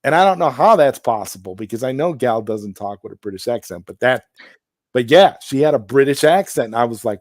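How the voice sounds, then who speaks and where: A man's voice: medium pitch, lively intonation, a little fast, darkish tone, dry recording, clean studio sound. A man hosting a casual live stream, rambling through his points with many restarts and greeting viewers in the chat.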